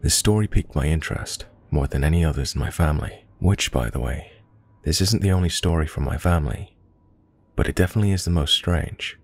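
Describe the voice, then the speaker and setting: A man reading a true scary story aloud as a scripted horror narration, slow and measured. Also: very deep voice, gravelly, a little mellow, dry recording.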